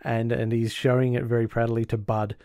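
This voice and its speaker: A man hosting a podcast, who recaps a sitcom episode in a casual, animated way and acts out the quotes. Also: medium pitch, brisk, no echo, clean studio sound. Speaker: podcast host. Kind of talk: casual chat.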